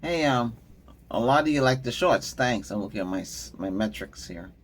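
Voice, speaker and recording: A man's voice: medium pitch, animated, normal speed. A middle-aged man hosting a tech channel, chatting casually and rambling, often laughing and trailing off mid-thought. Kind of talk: casual rambling vlog chat.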